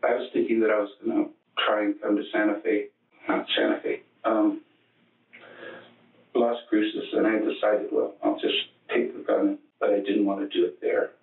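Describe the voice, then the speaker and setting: A man with a low, monotone voice gives halting, matter-of-fact testimony in a police interrogation. He is heard from across the room on an echoey, tinny archive tape. His words come with frequent restarts. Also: recorded from a distance. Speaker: murder suspect under questioning.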